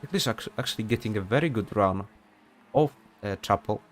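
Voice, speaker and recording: A man's voice: fairly low pitch, fairly quick. A young man commentating an online sim race in a casual, rambling way, with many fillers and off-topic asides.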